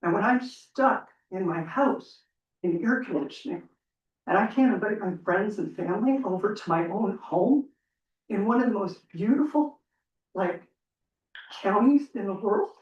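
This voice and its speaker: A woman's voice: mid-range voice, lively intonation, unhurried. A woman resident making an earnest, impassioned plea at a council meeting. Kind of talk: public comment at a council meeting. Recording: roomy, distant, dull room sound.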